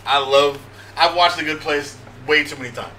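A man's voice: fairly high pitch, normal speed, bright, forceful tone, slight background noise. A man in casual chat who rambles enthusiastically and laughs easily.

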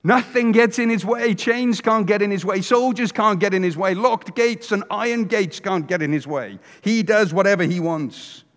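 A man preaching a sermon in a church, telling the story with animated voices and dropping to hushed tones. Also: sits high, normal speed, hardly any pauses, long reverb tail. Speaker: pastor. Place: church sanctuary.

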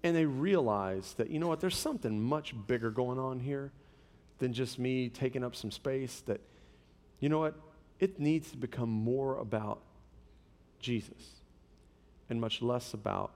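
A man's voice: medium pitch, a little slow, pauses often, a little mellow. Man preaching in a reverberant hall. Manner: conversational, storytelling with humor. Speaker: pastor. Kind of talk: sermon.

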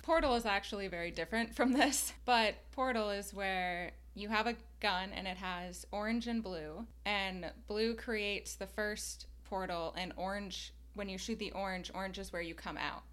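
A woman's voice: medium pitch, moderate pace, few pauses, a bit bright. A woman co-hosting a movie podcast, chatting casually and explaining things with a questioning lilt. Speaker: podcast co-host. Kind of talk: casual chat.

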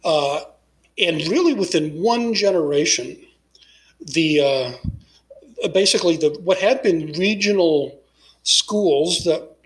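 A man's voice: fairly high pitch, expressive, takes it slowly, pauses often, rough recording. A middle-aged man from Texas talking as an interview guest, rambling through his points with many fillers and restarts. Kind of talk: casual interview conversation.

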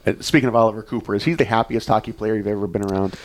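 A man hosting a podcast in a relaxed, casual way, nudging his guest along with quick agreement. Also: lowish voice. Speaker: podcast host. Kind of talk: casual interview chat.

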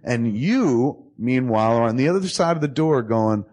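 A man telling a long story to a friend in casual talk, profane and animated, acting out both sides of the dialogue. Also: mid-range voice, quick pace.

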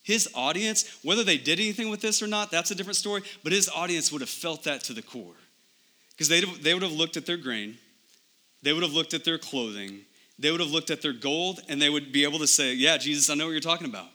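A man delivers a Sunday sermon in a very bright, slightly high voice. He talks to the congregation conversationally, often asking "right?" and repeating words. His delivery swings from emphatic peaks to quiet, low passages. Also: fairly quick. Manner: animated preaching, rising to emphatic highs then dropping low. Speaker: pastor.

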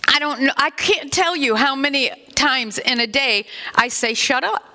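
An older woman pastor preaching a sermon in a chatty, animated way, with asides to the congregation. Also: high voice, moderate pace.

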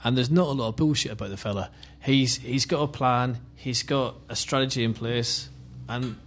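A man speaking bluntly and quickly on a casual football podcast. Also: medium pitch. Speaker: podcast panelist.

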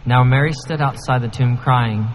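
A man reading a scripture passage aloud in a steady, measured way in a church. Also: medium pitch, in a large hall, slight background noise, low-quality recording. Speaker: scripture reader. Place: church sanctuary.

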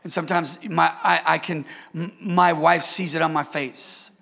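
A man preaches with a high, gravelly and bright voice, pressing his points again and again and calling out to the congregation. His sermon rings through a hall with a long reverb. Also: fairly even intonation, moderate pace. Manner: emphatic preaching with repetitions and audience call-outs. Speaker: pastor.

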